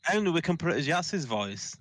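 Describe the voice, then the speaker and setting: A man's voice: fairly high pitch, sing-song, brisk, fairly bright tone, no echo. A man from the UK co-hosting a casual podcast livestream, rambling and self-mocking with some swearing. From United Kingdom. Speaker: podcast co-host.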